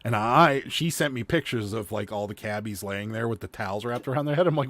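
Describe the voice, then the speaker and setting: A man's voice: fairly low pitch, brisk, few pauses, fairly bright tone, no echo. A man hosting a casual reseller livestream, rambling through stories and laughing often. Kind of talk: casual chat.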